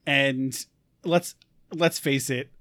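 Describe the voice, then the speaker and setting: A woman co-hosting a podcast in casual chat, animated and laughing, often trailing off quietly. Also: a bass voice, drawn-out words, dry recording, studio quality. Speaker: podcast co-host.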